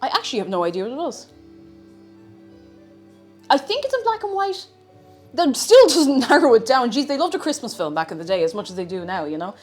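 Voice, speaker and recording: Irish woman streamer, slightly high, very animated delivery, scatterbrained kitchen chatter over faint music. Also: brisk, long pauses. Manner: chatty and scatterbrained, hums little tunes. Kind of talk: casual live-stream chat while cooking.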